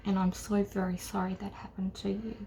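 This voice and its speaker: A middle-aged woman reads tarot straight to camera in a gravelly, creaky voice at an ordinary pitch. She speaks earnestly and haltingly, restarting her phrases and often sinking into a near whisper. A faint hiss sits behind her. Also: little pitch movement, dark tone. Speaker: tarot reader. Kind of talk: intuitive tarot reading to camera.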